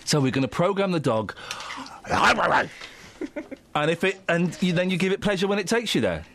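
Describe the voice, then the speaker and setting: Playful radio host, lively voice. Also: male voice, high-pitched, normal speed, crowd noise. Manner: joking, playful, laughs often. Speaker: radio presenter. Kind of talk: casual radio banter.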